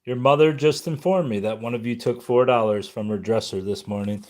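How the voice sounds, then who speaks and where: A man's voice: mid-range voice, fairly quick, darkish tone, lightly acted. A man reading a stern, angry father in a storybook memoir, speaking in a cold, threatening way.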